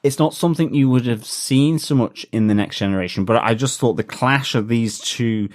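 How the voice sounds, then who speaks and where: A man's voice: mid-range voice, normal speed, a little mellow. A man co-hosting a podcast, chatting enthusiastically with frequent fillers and restarts. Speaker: podcast co-host. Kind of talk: casual podcast discussion.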